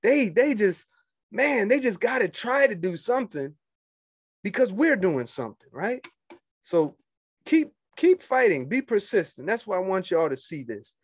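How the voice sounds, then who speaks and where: A man, a union organizer talking casually to fellow members, animated and quick to laugh and scoff. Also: high voice, slightly rough, dry recording, studio quality. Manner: animated, laughs often, dismissive asides.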